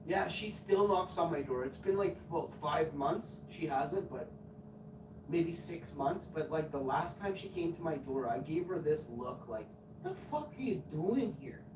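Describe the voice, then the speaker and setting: A man's voice: on the high side, unhurried. Rambling, swearing male streamer in his forties; off-mic and roomy. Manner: crude, rambling, swears often. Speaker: live streamer. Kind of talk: casual storytelling on a live stream. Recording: echoey room, far from mic, noisy.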